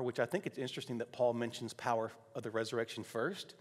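Male pastor, sermon, personal storytelling turning emphatic, mid pitch, long hall reverb. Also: steady tone, brisk, few pauses. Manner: builds from soft storytelling to loud emphatic declarations. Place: church sanctuary.

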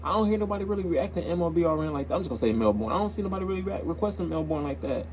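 A young man reacts to a rap song in easy, slangy talk, circling back and repeating his points. His voice sits slightly high with a soft, mellow edge, and the pitch jumps around a lot as he gets animated. There is a faint hiss behind him. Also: rapid-fire, poor audio. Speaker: reaction video host. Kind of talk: casual reaction commentary.

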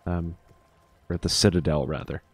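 A man narrating a tabletop game as game master, pausing often with fillers. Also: sits low, steady tone, a little mellow, breathy edge, dry recording, faint music behind. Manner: hesitant, many fillers.

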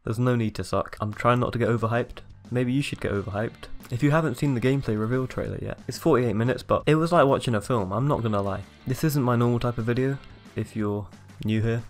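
A man's voice: mid-range voice, fast talker, hardly any pauses, faint music behind. A man casually retelling a game demo in an upbeat, rambling way, filled with acted-out quotes. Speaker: gaming YouTuber. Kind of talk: excited casual commentary.

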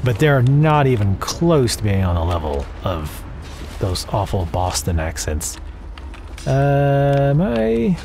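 His voice sits low and moves at a measured pace, with background noise behind it. A man from the American South with a Southern accent gives sarcastic, profane, rambling commentary on a game, speaking into a desk mic at home.

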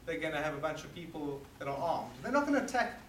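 A South African man giving an earnest, forceful talk to an audience at an evening meeting. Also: fairly high pitch, big pitch swings, fast talker, slight background noise. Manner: earnest and forceful, emphatic repetition. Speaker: guest speaker. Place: meeting hall. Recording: roomy hall recorded from a distance.

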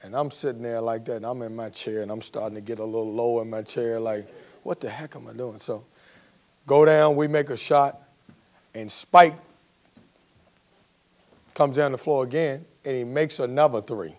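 A college basketball coach giving a storytelling speech to a business audience and acting out the quotes. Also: male voice, mid-range voice, normal speed, pauses often. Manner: storytelling, animated, acts out quotes.

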